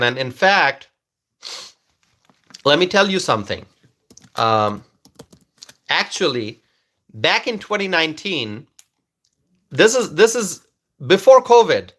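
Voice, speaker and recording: A man talks straight to his audience in a casual monologue. His voice has a bright, forceful edge. He stumbles through fillers and restarts, then repeats his key lines for emphasis. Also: on the high side. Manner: halting, with many fillers and restarts. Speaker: political commentator.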